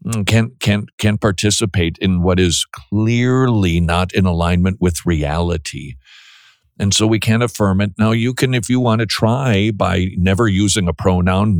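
A man talks through a Christian call-in radio show in an earnest, preachy way, often stammering and restarting his sentences. His voice sits fairly low. The sound is dry and close, with no room around it. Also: no room sound. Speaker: radio host.

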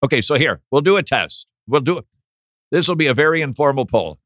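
A man hosting a podcast in casual chat, animated and joking, now and then mocking a flat monotone reading. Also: medium pitch, brisk, dry recording, studio quality. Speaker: podcast host.

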